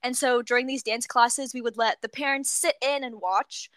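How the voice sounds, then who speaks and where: A young woman co-hosting a casual chat, telling work stories in a giggly, animated way. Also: fairly high pitch, normal speed, no room sound. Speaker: podcast co-host.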